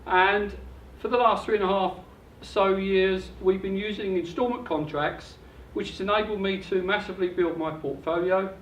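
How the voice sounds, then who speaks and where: A man's voice: high voice, steady tone, normal speed, few pauses, a little hiss or hum. An older man giving an upbeat, salesy property seminar presentation, recorded from a distance in a hotel function room. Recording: echoey dull room recording from afar.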